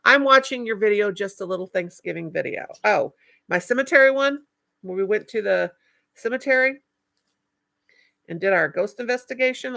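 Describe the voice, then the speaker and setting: A woman's voice: medium pitch, gravelly, a bit bright. An older woman hosting a live stream, chatting casually and affectionately with viewers in a rambling way, with a cackling laugh.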